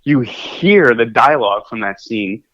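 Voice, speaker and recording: A man talks in a casual podcast chat, rambling through fillers and restarts. His pitch swings widely as he gets animated. The recording sounds dull and lo-fi. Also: a little slow. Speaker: podcast co-host. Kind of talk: casual chat about films.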